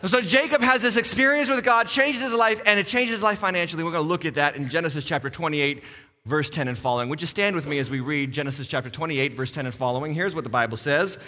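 A middle-aged man, a lead pastor, preaching a sermon in a church with animated jokes and repeated key phrases. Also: on the high side, fast talker. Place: church auditorium. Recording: long church reverb.

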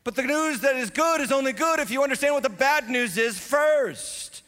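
A man preaching a sermon as pastor in a church, rising to loud emphatic peaks and dropping to quiet teaching. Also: very high-pitched, expressive, normal speed, big-room sound. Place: church sanctuary.

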